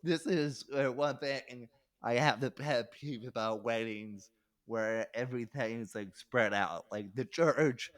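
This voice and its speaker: On a podcast, a young adult male comedian guest rambles loosely through a story, swearing and laughing mid-sentence. His mid-range voice moves at a slow pace in a dry recording.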